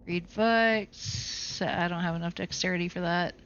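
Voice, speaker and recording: A playful woman plays through a game, reading its text aloud and laughing at her own moves. Her voice is bright and pointed. The recording is somewhat dull and lo-fi. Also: medium pitch, fairly even intonation, measured pace, few pauses, clear, resonant tone. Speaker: let's-play host. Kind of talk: game playthrough with read-aloud narration. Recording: dull lo-fi sound.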